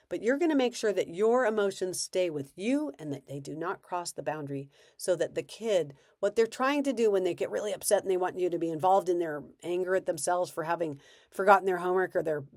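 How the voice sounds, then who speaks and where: A woman coaching parents in a conversational way, now and then acting out what a parent or child might say. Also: fairly low pitch. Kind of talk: advice talk to parents.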